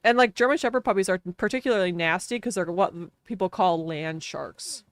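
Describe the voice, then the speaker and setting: A young woman streamer chats casually over her game in a smooth, clean voice. She rambles through self-mocking stories, and the sound is dry and close with no room around it. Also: mid-range voice, a little fast, dry recording. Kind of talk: casual chat while streaming a life-sim game.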